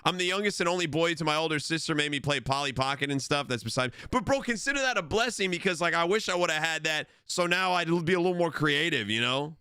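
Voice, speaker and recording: A man's voice: on the high side, lively intonation, quick pace, hardly any pauses, bright, forceful tone, smooth, no echo, clean studio sound. A young man live-streaming, chatting casually and rambling with lots of swearing while reading out his chat. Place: home streaming setup. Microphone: desk microphone.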